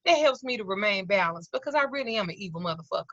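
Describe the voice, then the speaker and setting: A woman's voice: mid-range voice, expressive, rapid-fire, fairly bright tone, dry recording. A woman, teaching an online occult class and telling blunt, profane stories. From Southern United States. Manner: blunt, profane, theatrical storyteller. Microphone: video call. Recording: dull lo-fi video-call audio.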